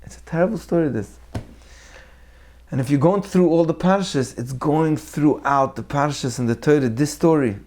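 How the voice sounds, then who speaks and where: A man's voice: fairly high pitch, normal speed. A man giving a weekly Torah talk, telling stories animatedly and acting out the people in them. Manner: animated storyteller who acts out the people in his tales. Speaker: Torah teacher.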